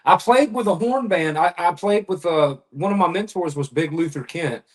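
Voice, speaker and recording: A man from around New Orleans, chatting as a podcast guest about playing music. He talks in a relaxed, rambling way and often lets his sentences fade into mumbles. His voice sits a little higher than most men's. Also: moderate pace. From New Orleans area. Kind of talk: casual chat.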